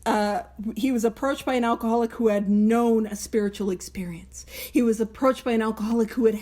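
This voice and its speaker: A woman with a high voice leads a recovery book study over a video call. She reads short passages aloud and unpacks them in a chatty, self-mocking way. She often drifts into tangents before coming back to the text. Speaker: Big Book study leader. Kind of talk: recovery study talk, reading and explaining text.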